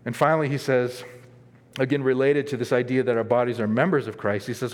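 A man preaching a sermon as pastor, earnest and emphatic, dropping from strong stress to quiet asides. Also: mid-range voice, steady tone, quick pace. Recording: long reverb of a large hall.

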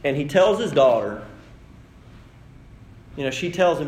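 Preacher dude, chatty storytelling sermon, roomy church sound. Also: male voice, lively intonation, a little slow, long pauses, a little mellow. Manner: storytelling, conversational, shifting to low dramatic delivery. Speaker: pastor.

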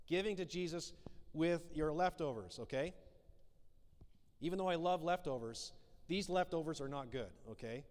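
A man preaching a sermon as pastor, acting out the dialogue in his illustrations. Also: on the high side. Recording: long hall reverb.

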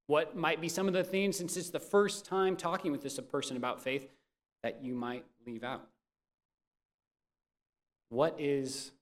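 A man preaching a sermon as pastor, earnest and measured, putting questions to the congregation. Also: fairly high pitch.

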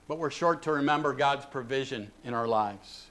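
A man's voice: medium pitch, moderate pace, few pauses, fairly bright tone. A man preaching a sermon as a pastor, emphatic and exhorting his listeners.

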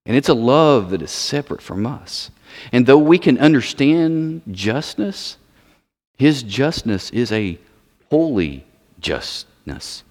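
A man's voice: mid-range voice, very animated, measured pace. A man preaching a sermon, emphatic, repeating words for stress. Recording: long reverb of a large hall.

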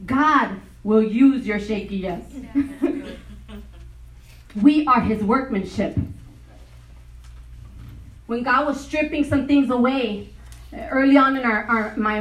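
A woman delivers a sermon at a retreat, her voice high and her storytelling animated and full of laughter. She sounds a little distant from the mic, and the hall around her echoes. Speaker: retreat speaker. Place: large hall.

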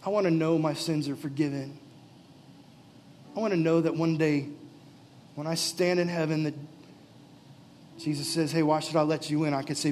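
A man preaching a sermon live to a gathering, moving into an altar call and prayer, earnest and pleading, often dropping to soft, intimate tones. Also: on the high side, fairly even intonation, moderate pace, pauses often, slight background noise. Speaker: pastor. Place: church or youth gathering, live.

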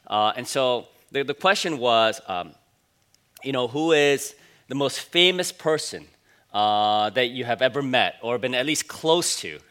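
A man in his forties preaches to a church congregation in a bright, clear voice. He talks in an easygoing, conversational way, telling stories and padding his sentences with casual fillers. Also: mid-range voice, animated, a little slow. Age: 40s. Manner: conversational, storytelling, many fillers. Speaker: pastor. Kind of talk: sermon.

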